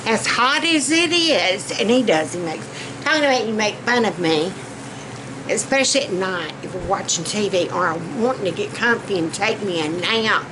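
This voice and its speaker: A woman's voice: mid-range voice, expressive, moderate pace. A Southern woman talking casually while cooking at home, chatty and a bit out of breath, with a fan running behind her. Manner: chatty, folksy, rambling. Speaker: vlogger. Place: home kitchen. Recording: noisy room with fan running.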